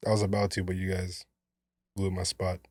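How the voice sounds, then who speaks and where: Calm low-key man on a podcast. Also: brisk, no room sound, clean studio sound. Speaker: podcast co-host. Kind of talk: casual chat.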